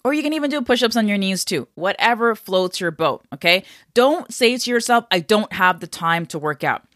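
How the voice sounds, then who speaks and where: A woman's voice: medium pitch, expressive, normal speed, a bit bright, no room sound, clean studio sound. A woman hosting a health podcast, chatty and upbeat, coaching listeners with lots of "okay?" and "like". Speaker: podcast host. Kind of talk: casual health podcast talk.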